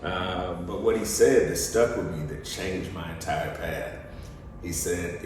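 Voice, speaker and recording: In an echoey room, a deep-voiced man tells stories at an unhurried pace, lively and acting out the quotes. He's a guest, an actor and studio co-founder, in an animated storytelling interview recorded on a distant mic with background noise.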